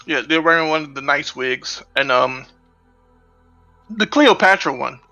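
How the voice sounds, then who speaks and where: A man playing a tabletop game, gentle and playful in character. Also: on the high side, expressive, a little slow, lo-fi sound, soft background music. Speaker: player. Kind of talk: in-character role-play.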